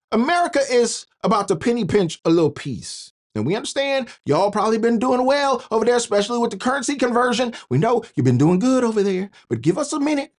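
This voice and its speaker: A man hosting a commentary video, folksy and sarcastic, chuckling and talking to his viewers as "y'all". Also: high-pitched. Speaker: commentary channel host. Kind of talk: political commentary vlog.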